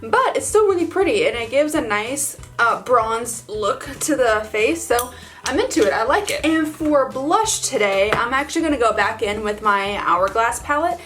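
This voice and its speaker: A woman's voice: on the high side, expressive, moderate pace, a bit bright, soft background music. A woman beauty vlogger chatting casually through a makeup tutorial, gushing and filling her talk with "like" and little laughs.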